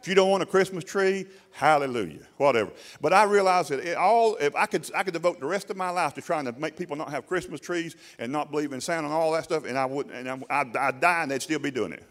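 A man's voice: on the high side, quick pace, few pauses, fairly bright tone. Preacher man asking the congregation questions. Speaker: pastor. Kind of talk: sermon.

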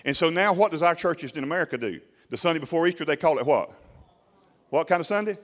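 A man's voice: on the high side, animated, fast, fairly bright tone. A middle-aged man with a drawl delivers a sermon. He talks in a plain, folksy way and keeps putting questions to his congregation. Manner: colloquial preaching, asking the congregation questions. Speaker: pastor.

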